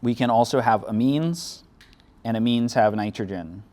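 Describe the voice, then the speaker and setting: A man's voice: mid-range voice, moderate pace, mellow. A man teaching a chemistry lecture, explaining step by step in a casual way with dry sarcasm. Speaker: chemistry instructor. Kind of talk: classroom lecture.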